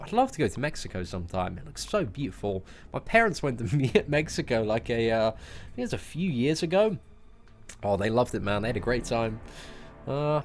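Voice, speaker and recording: A young British man in his twenties, livestreaming a game and bantering casually with his chat in a laid-back, jokey way. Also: a little high. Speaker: gaming livestreamer. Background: music playing.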